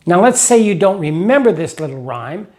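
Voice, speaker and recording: A man teaching English grammar to Russian speakers, explaining slowly through examples and small rhymes. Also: sits high, big pitch swings, darkish tone. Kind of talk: scripted lesson narration.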